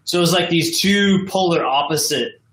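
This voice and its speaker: A man's voice: fairly high pitch, moderate pace, a bit bright, roomy sound, slight background noise, rough recording. An American man, a podcast guest joining by video call, telling his story in a casual, rambling way full of "like" and "you know". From United States. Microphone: video call from home.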